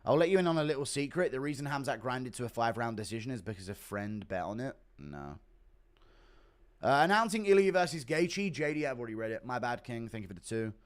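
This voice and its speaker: A man's voice: medium pitch, very animated, fast. A young man live streaming, casually reading out donations and rambling with a lot of swearing and sarcasm. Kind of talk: casual chat.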